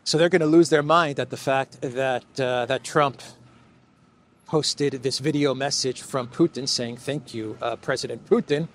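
A man's voice: mid-range voice, steady tone, unhurried, slight background noise. A man giving mocking, rambling political commentary while walking through an indoor food court, recorded on a handheld phone. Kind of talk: casual walk-and-talk vlog.

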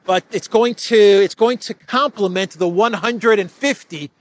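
A man with a fairly high voice delivers solo political commentary. He sounds sarcastic and mocking and laughs often between points. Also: unhurried.

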